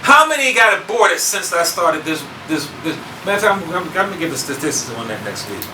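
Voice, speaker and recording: A man preaching a sermon, emphatic and repetitive, building to shouts. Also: fairly high pitch, big pitch swings, a little fast, echoey room, recorded from a distance, slight background noise, low-quality recording.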